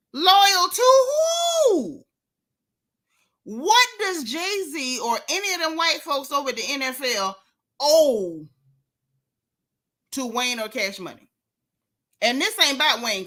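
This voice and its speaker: A sassy woman hosting a gossip vlog, scolding her target with one rhetorical question after another. Her voice sits a little high and swings widely up and down. The tone is bright and sharp. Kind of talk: casual gossip commentary.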